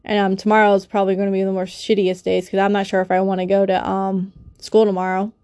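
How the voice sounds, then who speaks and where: A woman's voice: medium pitch, completely flat delivery, fast, a little mellow, smooth, dry recording, studio quality. A young woman with a cold and a stuffy nose, ranting emotionally in a personal vlog, swearing and rambling with many fillers and restarts, recorded on a phone or built-in mic. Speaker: vlogger.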